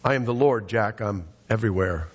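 A man voicing God as a calm, patient presence speaking from above. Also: lowish voice, husky, pitched below the performer's own voice. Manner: calm, unhurried, reassuring. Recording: dull, echoey hall recording.

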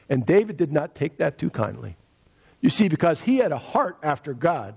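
A man's voice: on the high side, very animated, moderate pace, gravelly, darkish tone, slightly rough. A man preaching a sermon, retelling scripture in casual speech and repeating key phrases for emphasis. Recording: dull lo-fi recording.

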